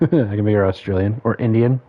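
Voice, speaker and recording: A man's voice: fairly low pitch, a little fast. Rambling male streamer, lo-fi audio. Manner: rambling, thinking aloud, counting options under his breath. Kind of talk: casual gameplay commentary.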